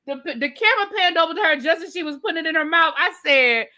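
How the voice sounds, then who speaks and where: High, bright-voiced woman ranting. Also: fast. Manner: heated, profane, repetitive ranting; slangy, addresses viewers as y'all and baby. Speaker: TV show reviewer. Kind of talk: live rant review.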